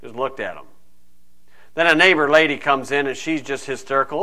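A man's voice: medium pitch, animated, a little fast, pushed and bright. A man preaching a folksy, conversational sermon full of asides. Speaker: pastor.

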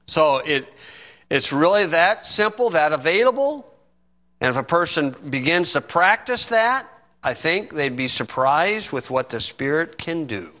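A middle-aged man preaching a sermon, reading scripture slowly and adding folksy asides. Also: on the high side, expressive, pushed and bright. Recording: long reverb in a hall.

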